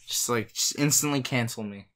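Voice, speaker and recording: A man's voice: mid-range voice, moderate pace, fairly bright tone. A young man co-hosting a podcast in casual chat, playful and giggly, jumping from idea to idea. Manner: playful, giggly, jumps between ideas. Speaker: podcast co-host.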